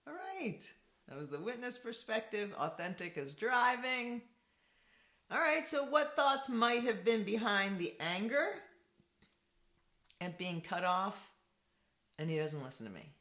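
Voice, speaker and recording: A woman's voice: medium pitch, a little slow, pauses often. A woman therapist giving a teaching talk to camera, repeating key points and often checking in with a rhetorical "right?". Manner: lively, repetitive, asks rhetorical "right?". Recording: echoey room.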